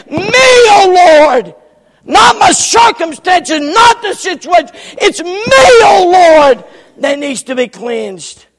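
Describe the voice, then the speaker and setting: A man preaching a revival sermon in a church, swinging from shouted lines to hushed, near-whispered ones. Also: extremely high pitch, gravelly, breathy edge. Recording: church hall reverb.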